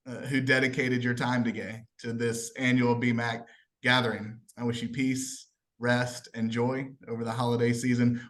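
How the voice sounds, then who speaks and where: A man's voice: medium pitch, fairly bright tone. A man acting as moderator, speaking in a mid-range voice. He thanks his guest and closes the gathering in an appreciative, formal manner. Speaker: event host and moderator. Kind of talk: hosting and closing remarks.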